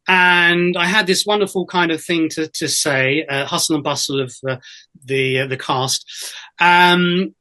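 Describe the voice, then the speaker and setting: A man's voice sits a little high and sounds bright and forceful. He is a chatty storyteller in a relaxed interview, looping back through fillers and false starts as he goes. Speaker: guest, actor and voiceover artist. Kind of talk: casual interview anecdotes.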